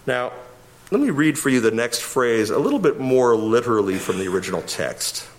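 A man's voice: medium pitch, big pitch swings, moderate pace, slight background noise. A middle-aged man from Canada giving expository Bible teaching as a pastor, emphatic and often chuckling. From Winnipeg, Canada.

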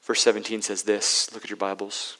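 A man preaching a sermon as pastor, swinging between loud emphatic peaks and hushed, near-whispered lines. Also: lowish voice, level tone, brisk, poor audio.

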